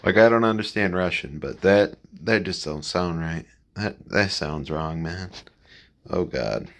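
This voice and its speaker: A man's voice: low voice, measured pace, a bit bright. A man giving short, incredulous asides as he reacts to a comedy clip. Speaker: reaction video host. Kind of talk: casual reaction commentary.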